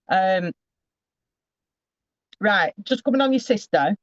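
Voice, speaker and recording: A man's voice: high voice, animated, a little slow, no room sound, muffled recording. A man giving a casual psychic reading over a video call, rambling and often breaking off with asides.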